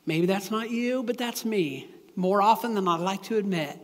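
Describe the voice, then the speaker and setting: High-voiced pastor preaching in an echoey hall. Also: male voice, normal speed. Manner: casual, confessional, with many restarts and asides. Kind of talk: sermon. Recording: echoey hall with long reverb.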